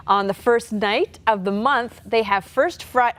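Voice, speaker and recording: A woman's voice: on the high side, a little slow, fairly bright tone. A woman hosting a show, reading announcements in an upbeat announcer manner. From Canada. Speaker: show host.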